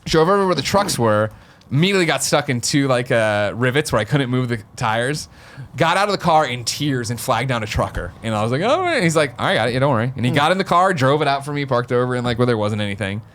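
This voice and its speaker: A man from the Midwest talks quickly and loosely on a podcast. He tells a long story and acts out the people in it, jumping into their voices. His pitch sits in a middle range. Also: big pitch swings, a bit bright. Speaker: podcast host. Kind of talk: casual storytelling.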